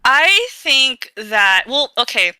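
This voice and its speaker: Bright, chatty woman podcast co-host. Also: high-pitched, very animated, takes it slowly, smooth, no echo, low-quality recording. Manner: rambling, with many fillers and restarts; outgoing and chatty. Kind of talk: casual chat.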